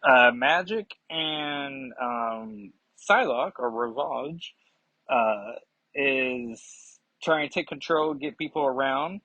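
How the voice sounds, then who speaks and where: A man's voice: mid-range voice, lively intonation, slow, sharp tone, dry recording, dull audio. A man reviewing comics in casual chat, rambling and digressive with many fillers.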